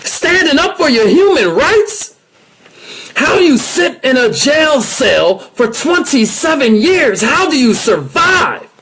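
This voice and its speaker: A man giving an energetic motivational talk, coaching his listeners directly and with emphasis. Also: very high voice, slow pace. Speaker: motivational speaker.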